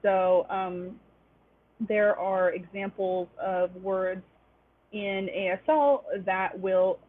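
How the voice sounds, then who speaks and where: A woman's voice: mid-range voice, fairly even intonation, takes it slowly. A woman presenting an online linguistics lecture, explaining step by step and checking in with "right?". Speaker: webinar presenter. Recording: tinny phone-like webinar audio.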